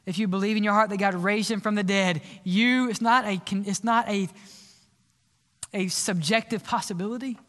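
An older man preaching an impassioned sermon in a church, swinging from loud appeals to hushed pleas. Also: high voice. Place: church sanctuary. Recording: long church hall reverb.

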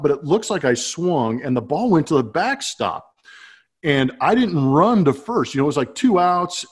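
A man in the middle of his register tells a baseball-style anecdote with lively energy. He laughs often and jumps into the voices of the people he quotes. It sounds like a relaxed, conversational podcast. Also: mid-range voice. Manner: animated, laughing, acts out quotes. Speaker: podcast co-host, former ballplayer. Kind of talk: casual storytelling chat. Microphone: webcam.

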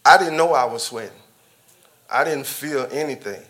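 Bright-voiced man sharing a church testimony. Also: medium pitch, moderate pace. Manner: conversational and colloquial, chuckling often, addressing the congregation directly. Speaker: church member giving a testimony. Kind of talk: personal testimony storytelling.

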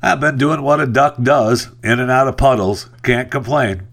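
A man's voice: mid-range voice, normal speed, gravelly, fairly bright tone, voice pushed up. A man voicing a cheerful male duck in a bar joke. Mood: cheery.

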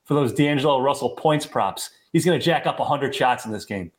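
A man on a sports betting panel, giving quick, punchy, decisive picks. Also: medium pitch, expressive. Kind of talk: casual panel chat.

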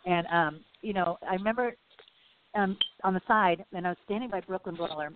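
A woman's voice: fairly low pitch, a little fast, background noise. A middle-aged woman, a guest in a casual interview, telling long rambling stories full of "you know" and acted-out quotes. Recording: phone-like audio.

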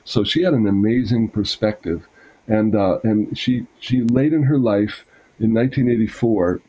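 A man with a low, husky voice reads a memoir passage aloud in a steady way. When he explains it afterwards, he talks more loosely, with fillers and restarts. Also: normal speed, rough recording. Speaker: guest reading from a memoir.

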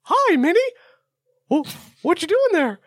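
A cheerful cartoon mouse in a piercing falsetto squeak. The exclamations tumble out breathless and excited. The sound is dry and close. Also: male voice, unhurried, no room sound, heavily acted.

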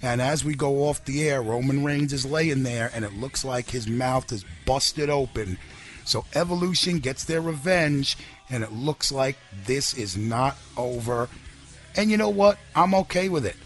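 Man, mid pitch, podcast host, brisk match recap, casual chat.

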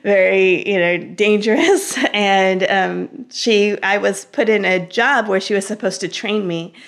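A woman as an interview guest, telling her story in an animated, conversational way with frequent laughter, fillers and restarts. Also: medium pitch, a little slow. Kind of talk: conversational personal testimony.

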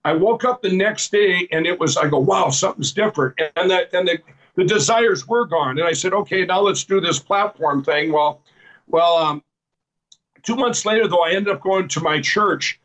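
A man's voice: sits high, moderate pace, a bit bright, poor audio. A man guest telling his personal testimony in a rambling, earnest way, often repeating "I said" as he retells conversations and laughing at his own story.

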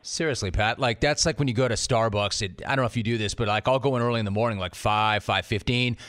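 A man hosting a podcast interview, chatting brashly and jokingly and firing off quick questions. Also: on the low side, fairly bright tone. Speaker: podcast host. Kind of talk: casual interview chat.

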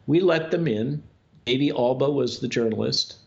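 A man as a guest on a talk show, speaking in a measured, drawn-out way with many filler sounds. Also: medium pitch, gravelly, darkish tone. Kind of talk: conversational interview talk. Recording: dull lo-fi audio.

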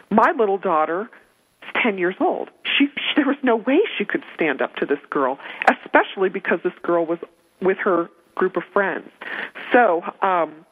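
A woman's voice: medium pitch, breathy edge. A woman giving parenting advice on a talk show, earnest and emphatic, often repeating her key points. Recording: narrow phone-line sound.

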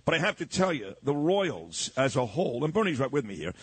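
A man's voice: medium pitch, very animated, a little fast, breathy edge, no room sound. Blunt radio co-host man. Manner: blunt, opinionated banter. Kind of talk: radio talk show chat.

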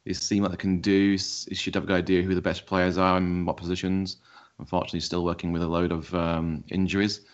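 A man's voice: low voice, level tone, fast. A man co-hosting a football podcast, chatting casually and joking. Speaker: podcast co-host. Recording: dull lo-fi sound.

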